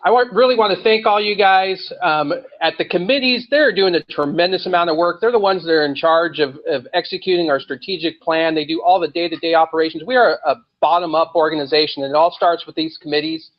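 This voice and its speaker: A man's voice: a little high, quick pace, few pauses, highs cut off. A man hosting a membership meeting, upbeat as he thanks committees and the board. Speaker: meeting host. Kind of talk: meeting announcements. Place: meeting hall.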